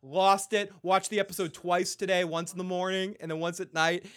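Excitable high-voiced man hosting a call-in show. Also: moderate pace, clean tone. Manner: excitable, swears a lot, shouts when worked up. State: near tears. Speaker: podcast host. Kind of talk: emotional recap and call-in show.

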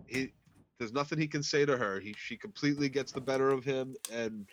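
A man's voice: medium pitch, brisk. A man co-hosting a podcast who recaps a TV episode in easygoing casual chat. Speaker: podcast co-host.

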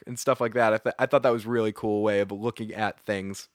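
A man's voice: mid-range voice, steady tone, a little fast, a bit bright, no echo, clean studio sound. A young man from Boston with a Boston accent, hosting a casual live recap chat, rambling and swearing freely with frequent laughs. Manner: profane, rambling, laughs often. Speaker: livestream show host.

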